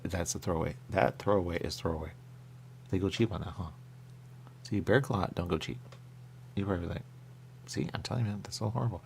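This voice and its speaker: A man's voice: low voice, gravelly, slight background noise. A man hosting a radio show, rambling playfully in casual chat while tasting pastries. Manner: rambling, playful, jumps between thoughts.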